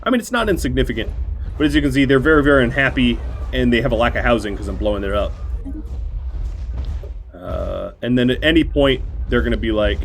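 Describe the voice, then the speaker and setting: A man's voice: medium pitch, expressive, a little fast, vocal fry. A man streaming a strategy game, giving casual, playful gameplay commentary in a gleefully mock-villainous way. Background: faint game music.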